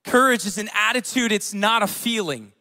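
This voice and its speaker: A man in his thirties preaching a sermon as pastor, telling family stories in a casual way with fillers, dropping to a hush and then rising loud. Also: sits high, normal speed. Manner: casual storytelling with fillers, swinging between hushed and loud.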